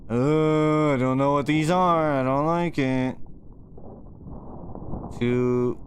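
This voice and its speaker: A man's voice: fairly high pitch, steady tone, takes it slowly, a little hiss or hum. A young man streaming a game, talking nervously to himself and his chat and swearing as he plays. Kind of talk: gaming livestream commentary.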